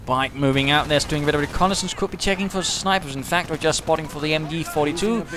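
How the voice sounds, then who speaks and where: A man giving quick, chatty play-by-play commentary on a strategy game, with dry humour and British turns of phrase. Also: fairly high pitch, noisy background.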